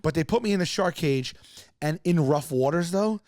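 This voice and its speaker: Man, somewhat high voice, casual comedic storytelling, animated, rambling, dry close mic. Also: normal speed, no room sound. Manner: animated, acts out other people's lines in raised voices; loose rambling delivery with restarts. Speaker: podcast co-host telling a story.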